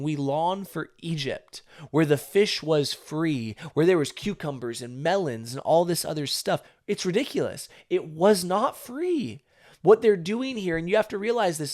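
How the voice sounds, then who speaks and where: A man hosting a daily Bible podcast, reading a chapter and then explaining it in an earnest, emphatic way with many rhetorical questions. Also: high voice. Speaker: podcast host.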